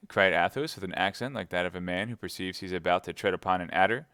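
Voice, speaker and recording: A male narrator reading an audiobook live with a measured, subdued delivery. His voice is low and smooth. The sound is dry and close. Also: a bit bright, no room sound.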